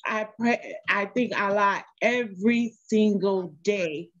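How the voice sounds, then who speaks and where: A woman's voice: medium pitch, takes it slowly, a bit bright, muffled recording. A mother thanking teachers over a video call, choked up and tearful. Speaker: parent. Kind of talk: heartfelt thanks.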